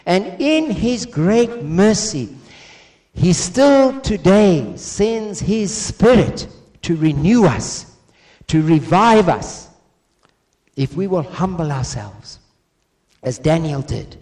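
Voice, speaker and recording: A man's voice: high voice, very animated, a little mellow. A man preaching a sermon, emphatic, building with repeated phrases and rising stress. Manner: emphatic, repetitive cadence, rising to stress points; slow and measured when reading prayer.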